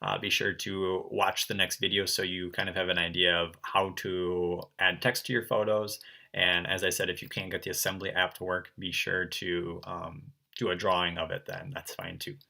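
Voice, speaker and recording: A young man teaching an online art lesson to children, chatty and relaxed, with lots of fillers. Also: sits low, moderate pace, vocal fry. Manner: relaxed and chatty, full of um and kinda.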